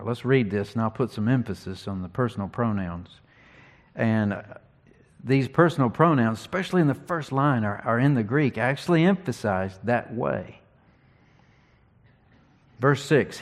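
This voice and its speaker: A man preaching an expository sermon, teaching earnestly and reading scripture slowly with emphasis. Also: medium pitch.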